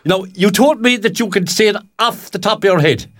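A man with an Irish accent hosting a community radio show, chatty and jovial, with lively jumps in pitch. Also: a little fast. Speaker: radio host. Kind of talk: casual chat.

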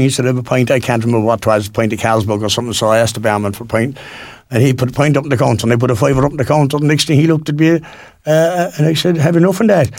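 A man's voice: on the high side, creaky, a little mellow, no echo. An Irish man presenting local radio, reading out listener texts in a chatty, rambling, homely way at a studio mic. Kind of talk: local radio shout-outs.

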